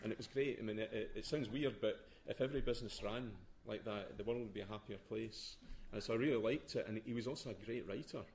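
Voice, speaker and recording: Low-voiced man, hesitant casual talk. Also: fast talker, hardly any pauses, darkish tone, a little hiss or hum. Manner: hesitant, many restarts. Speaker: poetry blogger. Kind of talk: casual talk before a reading.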